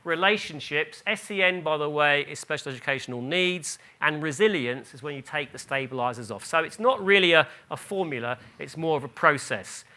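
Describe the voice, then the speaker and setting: A British man giving a lively conference talk, often asking the audience if it makes sense and often restarting his sentences. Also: on the high side, fairly quick, few pauses. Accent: British English. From Britain. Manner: animated, asks the audience "does that make sense, really?"; frequent restarts and repeated "the, the". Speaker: conference speaker on behaviour. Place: lecture hall.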